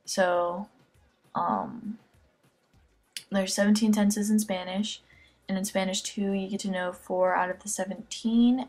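In a homemade Spanish grammar lesson, a teenage girl tutoring as an amateur talks near her computer's webcam mic. She's casual, jokey and easily sidetracked, and her voice is fairly low in pitch with a darkish tone.

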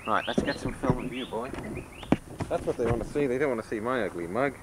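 A man's voice: medium pitch, fairly quick, heavy background noise. A man filming a home video on a camcorder, talking playfully and coaxingly to his toddler at home. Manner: coaxing, teasing, animated. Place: family home. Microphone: camcorder microphone.

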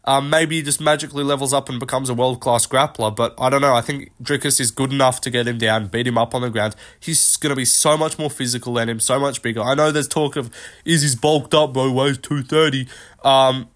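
A man's voice: mid-range voice, steady tone, fairly quick, a bit bright. A young man hosting an unscripted fight-prediction vlog, rambling through his picks with lots of fillers and casual swearing. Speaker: MMA predictions host.

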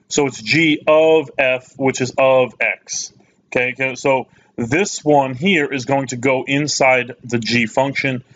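A man's voice: mid-range voice, fairly bright tone. A man teaching a recorded math lesson, casual and plain-spoken, often checking in with "okay?". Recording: slightly muffled lo-fi recording.

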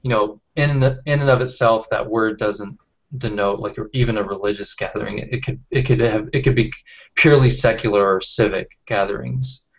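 A man leading a casual online book discussion, talking haltingly with many fillers and restarts. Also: lowish voice, gravelly, husky. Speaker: discussion leader. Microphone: webcam or computer mic on a video call. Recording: lo-fi video call audio.

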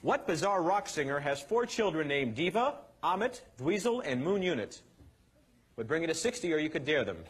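A man hosting a comic game show, energetic and teasing, shouting over the messy action. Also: on the high side, moderate pace, breathy edge.

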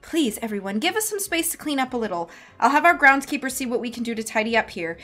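A woman's voice: a little high, expressive, fast talker, sharp tone, soft background music. A woman reading aloud, voicing a harried female hotel manager who pleads and placates. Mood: placating.

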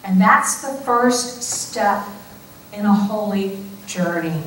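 A woman priest preaching a sermon, slow and deliberate with playful conversational asides. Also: a little high, fairly bright tone, slight background noise. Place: church sanctuary. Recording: echoey church heard from a distance.

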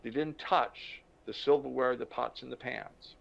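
An older man, a motivational speaker, explains ideas through animated anecdotes and acts out the people he quotes, in a dull lo-fi recording. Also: mid-range voice, measured pace, creaky. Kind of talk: conversational teaching with anecdotes.

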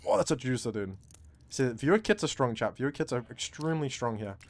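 A man streaming a shooter game, chatting casually to his viewers, excitable and swearing often, calling everyone bro. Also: mid-range voice, brisk. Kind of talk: casual live-stream commentary.

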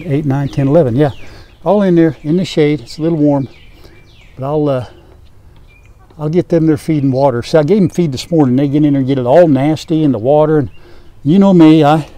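A man's voice: on the high side, darkish tone, a little hiss or hum. An older man, chatting casually in a farm vlog, folksy and talkative, speaking to his animals and viewers from outdoors on a lapel mic. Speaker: farm vlogger. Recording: faint farm sounds behind.

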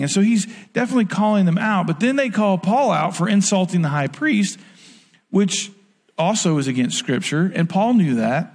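Conversational pastor with church reverb. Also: male voice, high voice, animated, normal speed, a little mellow. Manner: conversational, acts out quotes. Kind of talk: sermon.

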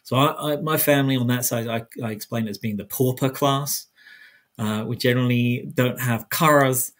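A man's voice: medium pitch, fairly even intonation, normal speed. A man from South London, his accent blended with American, answering interview questions in a chatty, rambling way with many restarts. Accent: South London English mixed with American. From South London, England. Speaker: guest historian.

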